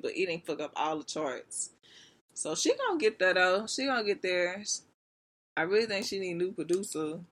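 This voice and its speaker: A woman vlogger talking straight to her viewers in a loose, gossipy rant. Her voice jumps around as she gets worked up. She leans on slang and "like" throughout. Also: lowish voice. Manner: animated and expressive, with slangy filler-heavy talk. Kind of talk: casual gossip rant to camera.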